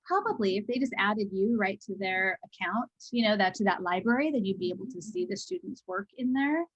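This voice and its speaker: Chatty woman giving a software walkthrough. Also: mid-range voice, expressive, fairly quick, lo-fi sound. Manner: chatty, loose, many fillers. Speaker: presenter training teachers.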